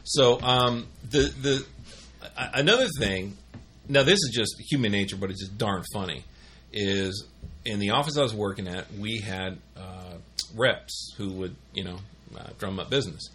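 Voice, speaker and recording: A man's voice: on the low side, normal speed, fairly bright tone, a little hiss or hum. A middle-aged man casually telling rambling office stories, full of fillers and restarts. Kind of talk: casual storytelling chat.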